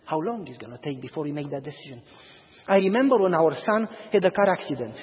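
A man preaching a sermon as pastor, telling stories in an animated way and acting out the dialogue. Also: a little high, quick pace. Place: church sanctuary. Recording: reverberant hall, slightly dull sound.

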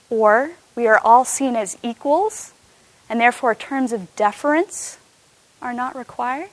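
A woman giving an animated class talk to a live audience, often asking them questions. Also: on the high side, a little slow, no room sound. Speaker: speaker teaching cross-cultural ministry.

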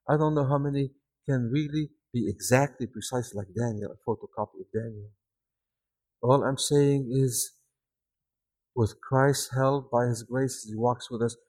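A man with a foreign accent preaching a sermon, telling stories with energy and rising to shouts at the peaks. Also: medium pitch. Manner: animated storytelling, shouting at peaks.

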